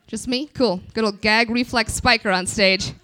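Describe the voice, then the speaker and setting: A woman in her twenties doing a live stand-up set, self-deprecating and crude, with quick asides to the crowd. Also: a little high, fairly bright tone. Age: 20s. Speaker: stand-up comedian.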